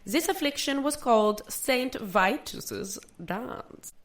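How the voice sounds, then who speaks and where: A woman putting on a German-style accent to recite an old poem, in a slow, lilting way. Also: high-pitched, animated, pitched above the performer's own voice. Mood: recitative.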